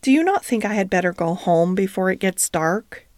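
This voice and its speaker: A woman's voice: medium pitch, animated, normal speed, darkish tone, dry recording, clean studio sound, close to an everyday voice. A woman voicing a fretful, genteel female dog in a storybook reading. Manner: worried, fussy storytelling voice.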